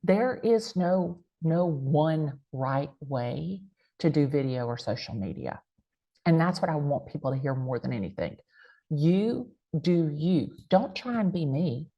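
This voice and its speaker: A woman's voice: low-pitched, expressive, unhurried, dull audio. A woman with a strong American country accent, giving punchy, emphatic advice full of folksy catchphrases in an interview. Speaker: real estate agent and guest speaker. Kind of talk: motivational interview talk.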